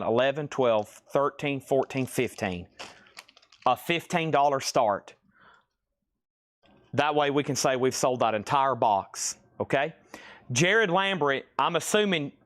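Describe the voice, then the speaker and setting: A man hosting a live-stream record auction, calling out items and prices briskly and often checking in with "okay?". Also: on the high side, fairly bright tone.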